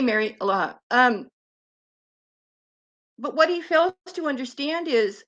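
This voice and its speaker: A woman talks over clips in a slow, drawn-out way, her pitch swinging widely as she mocks and swears. She sits a little above other women in pitch. The recording is dull and lo-fi. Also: fairly bright tone. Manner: scornful, sarcastic, swears freely. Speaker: commentary vlogger. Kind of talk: mocking commentary on clips. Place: lives on an island.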